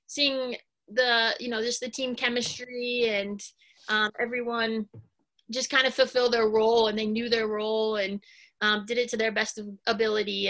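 A woman in her thirties, a former college basketball player and now a coach, answering interview questions in a soft-spoken, hesitant way with many pauses and fillers. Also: on the high side. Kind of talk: casual interview.

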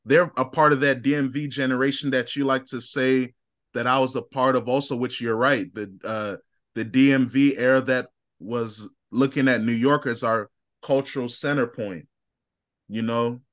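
A man in his thirties from Chicago, co-hosting a casual podcast chat, slangy and quick to laugh as he tells stories. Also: medium pitch. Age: 30s. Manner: laughs often, slangy and animated storytelling. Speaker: podcast co-host.

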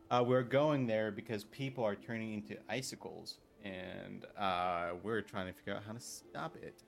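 A man's voice: on the low side, fairly even intonation, moderate pace, gravelly, a little hiss or hum. A man playing a tabletop game, chatting casually and cracking crude jokes. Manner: crude joking. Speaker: player.

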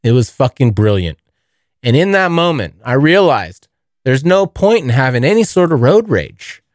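Man, young adult, podcast host, rambling casual storytelling, heavy swearing, animated pitch, dry close sound. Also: moderate pace, dry recording. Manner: rambling, heavy swearing, addresses listeners as dude.

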